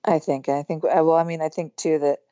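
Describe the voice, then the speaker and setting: A hoarse woman, a musician guest on a podcast, rambling casually with lots of filler words. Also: low-pitched, steady tone, fast, dark tone, no echo, highs cut off. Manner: rambling, lots of "like" and "you know". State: hoarse, losing her voice. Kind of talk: casual interview chat.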